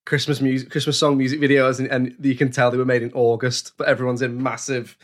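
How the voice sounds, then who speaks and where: A man's voice: mid-range voice, little pitch movement, quick pace. A man co-hosting a podcast, chatting in a playful, jokey and rambling way. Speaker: podcast co-host. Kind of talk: casual podcast chat.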